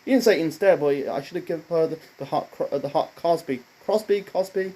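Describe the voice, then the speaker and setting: Rambling man with a mellow, higher voice. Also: fairly quick, rough recording. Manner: rambling, stumbling over words. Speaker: video reviewer. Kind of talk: casual episode review.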